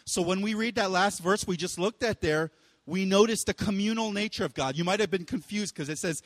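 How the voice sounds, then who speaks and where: High-voiced young man preaching casually. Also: fairly quick, no room sound, in a large hall. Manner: casual, animated, with playful voices and bursts of loud exclaiming. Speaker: pastor. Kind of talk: sermon.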